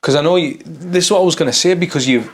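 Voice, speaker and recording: A man hosts a relaxed podcast interview. He reassures his guest and speaks casually. He calls him "mate" again and again. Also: on the high side, fast talker, husky. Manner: supportive, says "mate" often. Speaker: podcast host.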